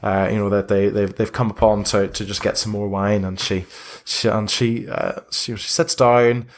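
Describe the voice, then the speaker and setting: A man narrating a tabletop game as game master, rambling and filling pauses with "you know" and "um". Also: fairly low pitch, little pitch movement.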